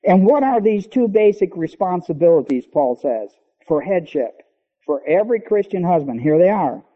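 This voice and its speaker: A man preaching a sermon, teaching emphatically and slowing down to stress key words. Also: high-pitched, very animated. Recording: long hall reverb, dull lo-fi sound.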